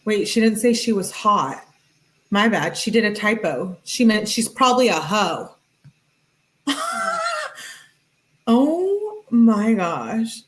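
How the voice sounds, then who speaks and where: A woman reads text messages aloud in a casual, matter-of-fact way, tagging each one with "she says" or "he says." She breaks in with chatty asides between them. Her voice sits at a middling pitch. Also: normal speed, fairly bright tone, low-quality recording. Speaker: true-crime channel host.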